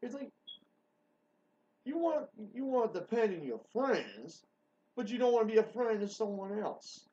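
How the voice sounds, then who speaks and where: A man hosting a rambling solo show, excitable and profane, swinging between low mutters and sudden loud outbursts. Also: unhurried, pauses often. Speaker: show host. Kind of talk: rambling monologue. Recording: dull lo-fi recording.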